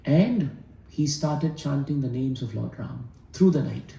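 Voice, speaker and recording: Gravelly, earnest male storyteller in an echoey room. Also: mid-range voice, animated, a little slow, mellow, recorded from a distance. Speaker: spiritual storyteller. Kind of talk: devotional storytelling talk.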